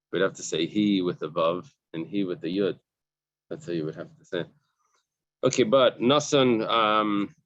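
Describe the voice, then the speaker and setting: A man with a lowish voice leads a relaxed study-group class, walking his listeners through the text one phrase at a time and restating each line in plain English. The sound is dry and a bit dull, as if from a lo-fi recording. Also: no echo. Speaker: Talmud teacher.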